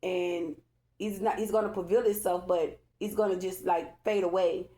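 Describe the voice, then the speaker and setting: A woman's voice: lowish voice, steady tone, moderate pace, dark tone. Woman, tarot reader, casual spiritual reading, chatty, emphatic, repetitive, addresses viewers directly. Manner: repeats herself, loose colloquial phrasing.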